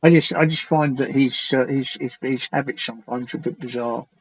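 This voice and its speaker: A man hosting a late-night live stream chat, slightly hoarse, rambling and crude as he reads out viewer comments. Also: medium pitch, steady tone, brisk, rough recording. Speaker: talk show host.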